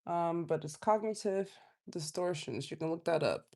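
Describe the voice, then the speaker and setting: A woman giving a casual live tarot reading, chatty and loose, drifting from quiet asides to loud outbursts. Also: fairly low pitch, normal speed. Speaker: tarot reader.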